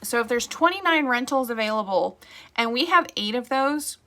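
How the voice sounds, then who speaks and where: A woman's voice: on the high side, animated, moderate pace, bright, forceful tone. A woman real estate agent talking casually to camera, chatty and rambling, with frequent asides.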